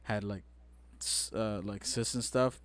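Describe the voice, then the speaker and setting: A young man co-hosting a casual podcast tells stories animatedly at a measured pace, his voice on the low side. He acts out quotes loudly.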